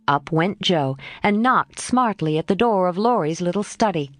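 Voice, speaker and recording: A woman narrating a classic novel as an audiobook in an expressive storytelling manner. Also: deep voice, moderate pace, few pauses, no room sound, faint music behind.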